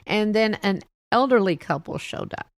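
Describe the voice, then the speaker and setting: A woman's voice: mid-range voice, normal speed, no echo. An older woman hosting a podcast, telling stories in a rambling, chatty way and laughing often. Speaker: podcast host. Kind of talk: casual monologue.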